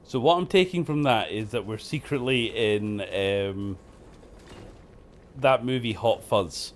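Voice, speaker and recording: A man's voice: medium pitch, a little slow, slight background noise. Joking man streaming a game. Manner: joking, laughing often, self-deprecating. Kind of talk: casual gameplay commentary.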